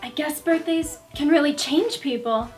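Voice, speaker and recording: A woman's voice: sits high, moderate pace, distant mic, soft background music, lightly acted. A woman playing a timid young princess guest with a hesitant way of talking. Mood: meek. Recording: voice from off the mic.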